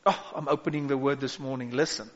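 A man's voice: mid-range voice, fairly even intonation, quick pace. A man preaching a sermon as pastor, urging his listeners with repeated call-outs and rising exhortations. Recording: echoey hall, dull lo-fi sound.

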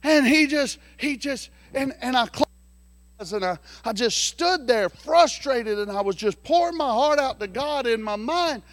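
High-voiced pastor preaching. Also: male voice, animated, moderate pace, dry recording. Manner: folksy storytelling, swings from hushed to shouting. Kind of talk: sermon.

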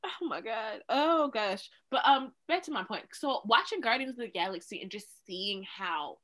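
A woman's voice: fairly high pitch, expressive, normal speed, a bit bright, poor audio. A woman co-hosting a podcast, chatting casually in a playful, slangy way. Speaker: podcast co-host. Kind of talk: casual chat.

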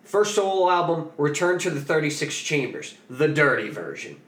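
A man hosts a podcast and tells a story in a loose, jokey, profane way. His voice sits a little high for a man. The room around him gives a noticeable echo. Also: expressive, normal speed, fairly bright tone. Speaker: podcast host. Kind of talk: casual storytelling chat.

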